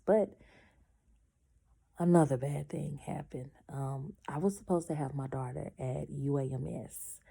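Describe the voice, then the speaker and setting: A woman's voice: a bass voice, vocal fry, dark tone. A woman telling a personal story casually, acting out the people she quotes and stopping now and then to say she is in pain.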